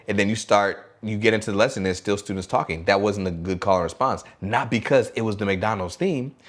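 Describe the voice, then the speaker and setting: A man hosting a podcast for new teachers, talking in an energetic, animated way and acting out classroom call-and-response chants. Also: fairly low pitch. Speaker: podcast host and teacher trainer.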